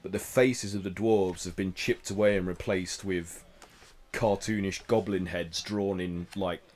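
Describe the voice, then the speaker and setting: A man from the United Kingdom narrating as game master, unhurried and full of ums and likes. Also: low voice. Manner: relaxed, hesitant narration with many fillers.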